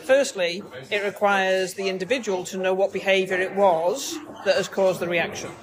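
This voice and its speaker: Woman co-host, mid-pitch, walks through ideas point by point; café crowd audible. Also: normal speed. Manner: methodical, lays out points step by step. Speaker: podcast co-host, human therapist. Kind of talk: casual explanatory discussion. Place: busy coffee shop. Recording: noisy cafe chatter behind.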